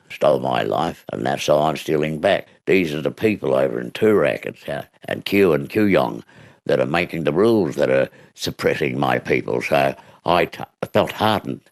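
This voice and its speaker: Brief: older Australian man, low gravelly voice, animated and halting as he tells his stories. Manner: halting, with many fillers and lively storytelling. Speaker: guest, actor. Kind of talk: storytelling in an interview.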